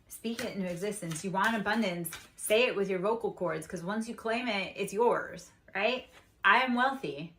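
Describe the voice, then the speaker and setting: A woman's voice: medium pitch, normal speed, fairly bright tone. A woman giving a casual spiritual tarot reading, earnestly encouraging and talking straight to the viewer. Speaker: tarot reader and spiritual channel host.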